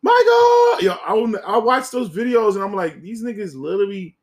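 A man co-hosting a casual podcast chat, excitable and often shouting. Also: sits high, a little fast. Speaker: podcast co-host.

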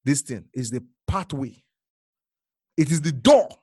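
A male preacher giving a sermon, repeating phrases and swinging from hushed murmurs to sudden loud exclamations. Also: on the high side, animated, unhurried, slightly rough, no echo.

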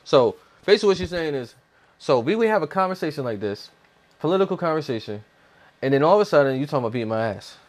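A man's voice: on the high side, big pitch swings, quick pace. Man ranting heatedly, swearing constantly. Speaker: commentator. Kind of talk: profane opinion rant.

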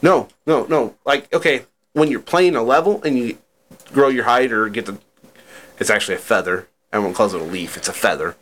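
A man's voice: medium pitch, brisk, a bit bright. Chatty, profane male podcast co-host. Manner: loose, profane and chatty, with fillers like "like" and "uh". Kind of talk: casual chat.

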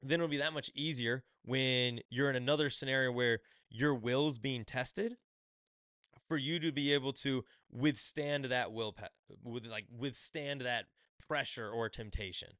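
A man's voice: medium pitch, a bit bright, no echo, studio quality. A man hosting his own podcast, reviewing a book in casual chat and acting out little quotes as he rambles. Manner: rambling, acts out quotes in quick asides. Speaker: podcast host.

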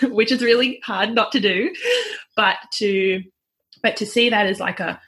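A woman, a parenting coach speaking in a relaxed interview, chatty and laughing often. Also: medium pitch, a little slow. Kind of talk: conversational interview.

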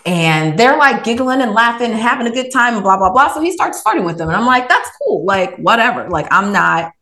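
A woman's voice: fairly high pitch, a little fast. A woman, a podcast guest, telling a personal story casually, acting out the back-and-forth dialogue. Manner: animated, retells her own dialogue with lots of "I was like". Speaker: podcast guest, author and reiki practitioner.

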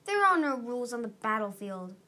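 A woman voicing a stern, harsh male dragon who trains young dragons in battle, with a gruff, commanding delivery. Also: on the high side, sing-song, brisk, bright, forceful tone.

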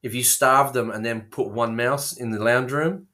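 A man's voice: medium pitch, fairly even intonation, moderate pace, pushed and bright. A man co-hosting a casual comedy chat, spinning absurd tangents with frequent fillers and restarts, heard over a remote call. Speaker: co-host.

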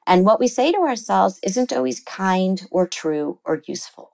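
A woman psychotherapist talking in an interview, animated and explaining ideas, often slipping into quoted voices. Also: mid-range voice, normal speed. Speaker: psychotherapist guest. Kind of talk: conversational interview.

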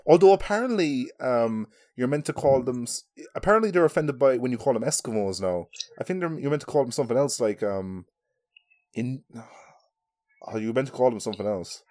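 Lively young Irish man joking crudely. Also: mid-range voice, brisk. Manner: crude joking, laughs often. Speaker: podcast co-host. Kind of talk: casual chat. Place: bedroom at home. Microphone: podcast mic.

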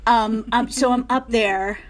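A woman's voice: fairly high pitch, steady tone, a little slow. A woman telling a funny backstage story in casual chat, often laughing and acting out what others said. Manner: laughs often, acts out quotes, lots of "like".

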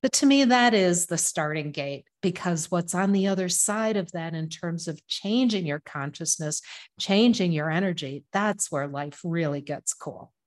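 A woman's voice: lowish voice, lively intonation, a little slow. A woman guest on a podcast, talking earnestly and emphatically in casual chat, stacking up punchy repeated phrases. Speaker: podcast guest, sobriety coach.

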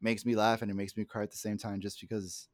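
A man's voice: fairly low pitch, little pitch movement, fast, no echo, studio quality. A young man co-hosting a podcast, telling a rambling, profane story with lots of acted-out quotes in casual chat. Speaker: podcast co-host.

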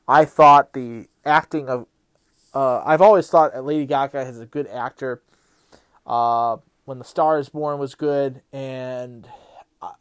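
A middle-aged man hosting a casual monologue, rambling with many fillers and getting loud and heated as he rants. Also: mid-range voice. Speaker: podcast host.

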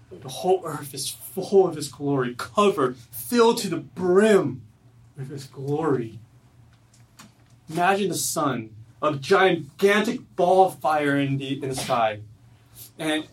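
Guy preaching a sermon, higher voice, sounds a bit far from the mic, gets loud then goes quiet. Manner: earnest, rises loud then drops low and soft. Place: church service. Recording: voice from away from the mic.

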